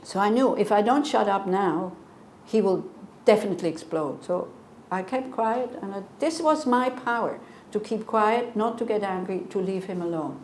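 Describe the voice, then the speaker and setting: Her medium-pitched voice is expressive and darkish, moving at a moderate pace. This woman in her sixties, a Buddhist teacher, speaks conversationally in a dharma talk, fielding questions with earnest rhetorical asides, in an echoey room with faint background noise.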